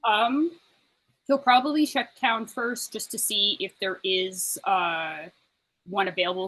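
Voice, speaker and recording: A woman tabletop game player telling her scenes in an animated, giggly way. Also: mid-range voice. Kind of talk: casual play and chat.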